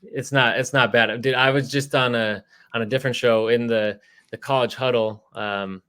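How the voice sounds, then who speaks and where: A man hosting a casual sports interview podcast, talking in a relaxed, rambling way with lots of fillers. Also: mid-range voice, normal speed, clean tone. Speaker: podcast host.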